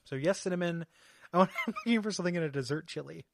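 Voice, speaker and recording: A man's voice: high-pitched, fast, creaky, dry recording. A man hosting a casual podcast, bantering and laughing often with his co-host.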